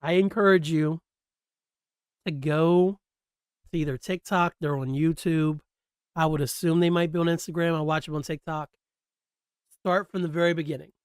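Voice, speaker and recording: Man, podcast host, casual solo chat, slangy, rambling, higher voice, dry close mic. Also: smooth, no room sound.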